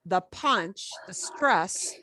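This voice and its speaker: Lively, encouraging woman Spanish teacher. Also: mid-range voice. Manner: chatty, encouraging, drills words slowly. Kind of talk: online beginner Spanish class.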